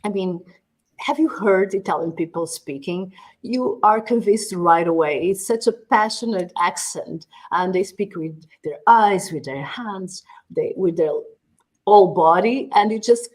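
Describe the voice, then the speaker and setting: A middle-aged woman from Portugal with a Portuguese accent, a native Portuguese speaker answering interview questions in English, expressive and prone to restarts. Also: mid-range voice, measured pace. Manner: warm, expressive, with frequent restarts and laughs. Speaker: guest, media training executive.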